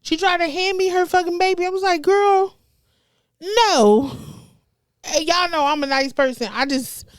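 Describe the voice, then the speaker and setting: A woman, telling wild stories as a comedian guest, animated and profane, acting out the people she quotes. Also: extremely high pitch, fast, hardly any pauses, dry recording, studio quality. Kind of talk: casual storytelling chat.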